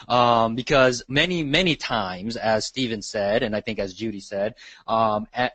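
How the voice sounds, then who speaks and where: A man's voice: mid-range voice, a bit bright, husky, dry recording. A man leading a live online sales training, asking the audience questions and checking in often. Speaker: real estate sales trainer.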